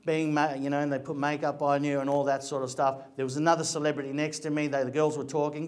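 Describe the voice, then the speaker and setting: Chatty middle-aged man, fairly high. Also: level tone, fast talker, few pauses. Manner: chatty, rambling, with frequent restarts. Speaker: actor giving a talk. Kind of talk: casual storytelling talk.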